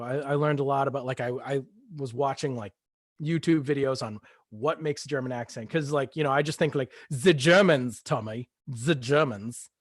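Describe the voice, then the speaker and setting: A man's voice: medium pitch, no room sound. A man, a guest author, reading his own fiction aloud and then chatting in a casual, self-deprecating way from his home studio.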